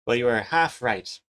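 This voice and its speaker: A man's voice: medium pitch, a bit bright, smooth. A young man from New Zealand with a mixed, slightly American-sounding accent, chatting casually on a live stream while he draws, reading chat messages aloud and laughing easily. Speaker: webcomic artist and streamer.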